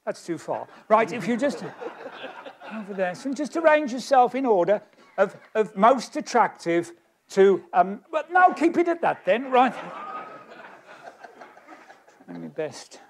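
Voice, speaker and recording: A man's voice: high-pitched, very animated, unhurried, slight background noise. A man performing live stage magic, chatting with volunteers in a self-mocking, joking way. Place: stage of a magic society hall.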